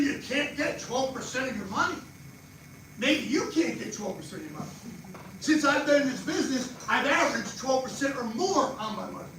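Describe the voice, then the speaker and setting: An older man with a New Jersey accent gives a live money seminar. He talks fast and animated and quizzes people in the audience. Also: extremely high pitch. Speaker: financial speaker. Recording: echoey far-off room mic with noise.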